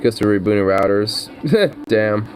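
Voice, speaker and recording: A man's voice: on the low side, monotone, unhurried, soft background music. A man streaming live in casual chat, laughing often, swearing and making sarcastic remarks.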